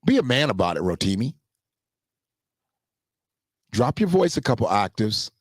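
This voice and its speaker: A man hosting a casual solo commentary show, talking loosely and jumping into high mocking voices when he quotes others. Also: very animated, normal speed, no room sound, studio quality.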